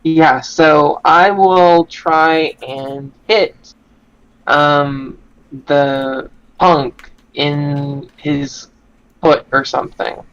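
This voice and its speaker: A man playing in a tabletop game who speaks slowly and hesitantly. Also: fairly high pitch, fairly even intonation, a bit bright, smooth, lo-fi sound. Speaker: player. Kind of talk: casual tabletop play.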